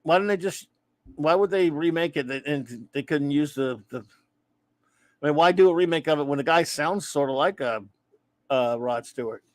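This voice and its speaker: Rambling New man, slightly high voice. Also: normal speed, no room sound. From New Orleans, USA. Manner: rambling, self-interrupting, playful. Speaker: podcast host reading chat. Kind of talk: casual chat.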